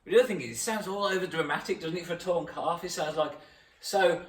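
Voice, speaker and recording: A man's voice: a little high, racing. A man, the host of a fitness channel, chatting casually about an injury. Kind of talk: casual chat. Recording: echoey room, mic at a distance.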